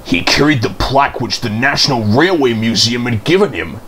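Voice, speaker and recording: A man reading a children's storybook aloud in an expressive storytelling manner. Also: medium pitch, normal speed, hardly any pauses, a little hiss or hum.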